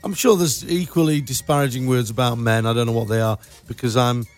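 A man's voice: medium pitch, fairly even intonation, a little fast, faint music behind. A man hosting a radio show, chatting casually and joking with his guest, laughing often. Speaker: radio host. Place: radio studio.

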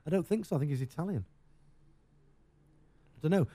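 Rambling english radio guy, jokey, mellow, dry close sound. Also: a little high, lively intonation, brisk, no echo. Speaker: radio show host. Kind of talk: casual on-air banter.

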